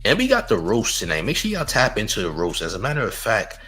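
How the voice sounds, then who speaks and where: A man's voice: fairly low pitch, huge pitch swings, quick pace, sharp tone, faint music behind. A young man hosting a livestream commentary show, reading chat and boasting and trash-talking in a repetitive way, with laughs between lines. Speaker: YouTube commentary host.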